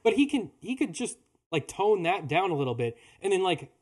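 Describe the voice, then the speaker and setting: A man's voice: sits high, very animated, fairly quick, a little mellow. A man co-hosting a podcast in casual chat, rambling with lots of filler words. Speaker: podcast co-host.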